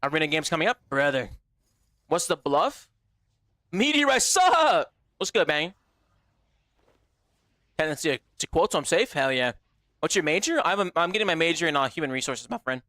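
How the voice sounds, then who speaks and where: Brash, high-voiced gaming streamer guy. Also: animated, brisk, pauses often, bright, forceful tone, no room sound, studio quality. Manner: brash, profane, joking, talks straight to chat. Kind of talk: casual livestream chatter.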